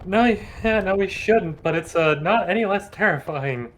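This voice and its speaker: Chatty woman player, lively mid-pitched voice. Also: moderate pace, slight background noise. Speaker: tabletop game player. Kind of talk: casual tabletop play.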